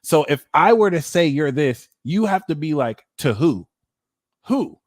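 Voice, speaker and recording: A man in his thirties giving a livestream tarot reading, talking in a blunt, animated way and swearing freely. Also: fairly high pitch, normal speed. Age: 30s. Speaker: tarot reader.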